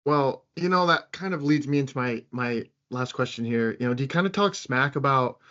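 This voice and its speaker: A man hosting an interview, asking long, chatty questions in a relaxed way. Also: medium pitch, moderate pace. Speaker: interview host. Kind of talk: casual interview. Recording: dull lo-fi sound.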